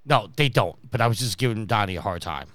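A man's voice: on the low side, lively intonation, fast talker, fairly bright tone, dry recording. A man from New York hosting a casual podcast and telling stories, acting out the people he quotes. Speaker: podcast host.

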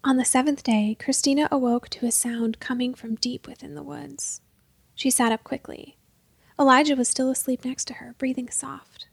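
A woman reading a story aloud as narrator, in a steady, measured way. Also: high-pitched, gravelly, slightly rough, no echo. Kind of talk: scripted narration.

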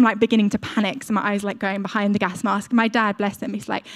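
A woman's voice: medium pitch, normal speed. A young woman preaching a sermon, telling a personal story in a chatty way, with frequent fillers and asides to the congregation.

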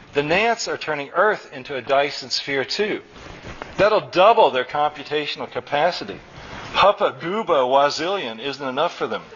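A man reading aloud and voicing a stubborn, agitated middle-aged male engineer who explains things in a rapid, insistent rush. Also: fairly high pitch, fairly bright tone. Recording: dull recording with faint room noise.

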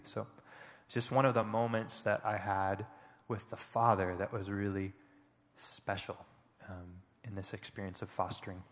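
A man giving an earnest, reflective personal testimony as a panel speaker at church, often pausing and halting. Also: lowish voice, flat delivery, long reverb tail. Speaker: panel speaker, foster parent.

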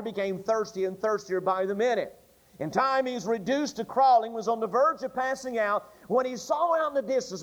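A male Baptist preacher giving a Sunday morning sermon in a church, with a repetitive, rhythmic preaching cadence. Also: extremely high pitch. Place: church sanctuary. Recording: dull lo-fi archive church tape.

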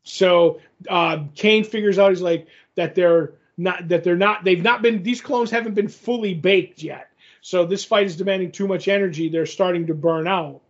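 Man, podcast co-host, high voice, loose chatty recap full of fillers, dull lo-fi sound. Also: normal speed. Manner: rambling, many fillers, restarts and acted quotes. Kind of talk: casual chat recapping a comic.

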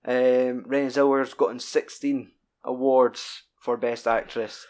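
Guy talking films, swears a lot, goes off on tangents, normal pitch. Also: little pitch movement, darkish tone. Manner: sweary, rambling, quick bursts. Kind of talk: casual chat.

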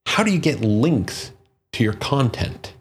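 Faint music plays behind a marketing commentator giving a solo talk in a mid-range, slightly rough voice. His pitch swings widely and his pace is a little slow as he reads quotes and numbers, then emphatically makes his own points.

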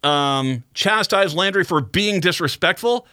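A male talk radio host rants in an indignant monologue, often stumbling and restarting his sentences. His voice is bright and forceful and sits a little high for a man. The studio sound is close and dry. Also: animated, moderate pace, no echo. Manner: indignant, ranting, many restarts.

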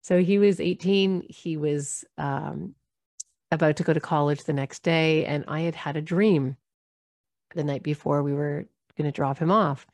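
A woman's voice: deep voice, unhurried. A middle-aged woman and mother, telling a personal story and reflecting on parenting in a talk. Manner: warm, reflective, acts out quoted voices. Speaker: parenting speaker.

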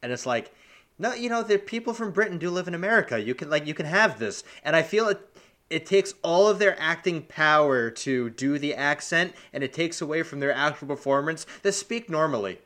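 A man's voice: a little high, expressive, a bit bright. A man co-hosting a podcast, chatting casually and filling his talk with "like". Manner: talks fast with lots of "like" fillers. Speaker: podcast co-host. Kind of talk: casual chat.

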